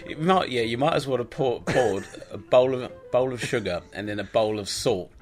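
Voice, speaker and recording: A man's voice: mid-range voice, moderate pace. An English man co-hosting a podcast, adding jokey asides to his friend's story. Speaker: podcast co-host. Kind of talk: casual chat.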